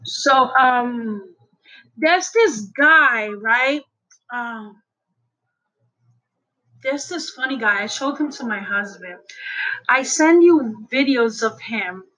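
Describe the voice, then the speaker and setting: A middle-aged woman chatting to her viewers on a call, animated as she retells a funny guy's videos and quotes him loudly. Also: fairly high pitch, takes it slowly, pauses often, rough recording. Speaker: vlogger talking to viewers. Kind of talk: casual chat on a call.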